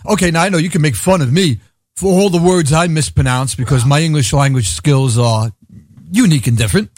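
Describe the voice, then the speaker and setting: A man's voice: fairly high pitch, a little fast, darkish tone. A man with a Brooklyn accent hosting a radio show, rambling sardonically and laughing at his own jokes. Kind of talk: irreverent comedic radio monologue.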